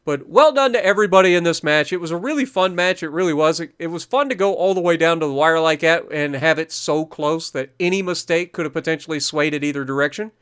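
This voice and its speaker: A man's voice: on the high side, quick pace, few pauses, fairly bright tone, clean tone. A man giving explanatory, coaching commentary over a recorded naval game match as the host of a gaming channel. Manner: explanatory, coaching, repeats key points.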